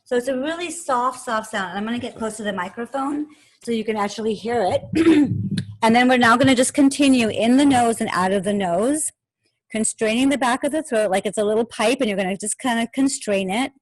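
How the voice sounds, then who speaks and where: A yoga and meditation teacher calmly guides a breathing exercise step by step, counting each breath aloud. Her voice is a little high and her pace fairly quick.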